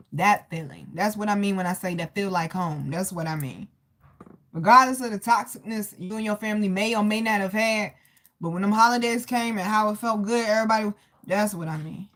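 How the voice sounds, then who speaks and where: A woman giving a casual live tarot reading, chatty and animated, calling listeners baby and greeting viewers. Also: medium pitch, a little fast. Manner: loose and animated, laughs and greets chat viewers. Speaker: tarot reader.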